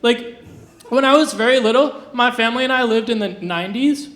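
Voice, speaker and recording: A young adult stand-up comedian on a live stage, delivering absurd jokes deadpan with hesitant restarts and lots of fillers. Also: medium pitch, brisk, background noise. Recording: roomy live venue sound.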